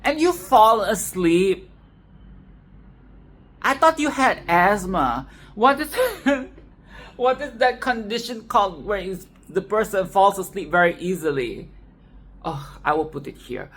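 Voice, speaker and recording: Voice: mid-range voice, fairly bright tone. A host giving a casual, sarcastic film review monologue, chatting loosely, laughing often and swearing freely.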